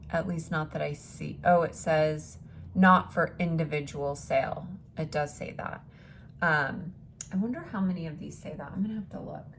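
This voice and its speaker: A woman talks slowly and chattily, with a slightly low voice, thinking aloud as she unboxes and sometimes slipping into a whisper. Faint room ambience hums behind her. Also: slight background noise. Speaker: unboxing vlogger. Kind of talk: casual product unboxing.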